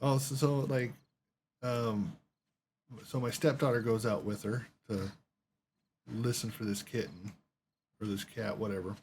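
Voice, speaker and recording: A man's voice: lowish voice, fairly even intonation, a little slow, pauses often, darkish tone, slight background noise. A man telling a long story while playing a game, rambling along with lots of swearing and quoted voices. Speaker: gaming streamer.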